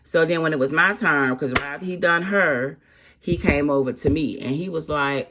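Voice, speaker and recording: A woman's voice: sits low, moderate pace, fairly bright tone. A woman telling her own story in a candid, blunt, casual way, full of slang and exasperated asides. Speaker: vlogger.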